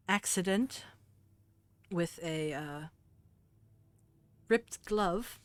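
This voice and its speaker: A woman voicing a nervous male advisor who delivers bad news in a formal, hesitant way. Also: low-pitched.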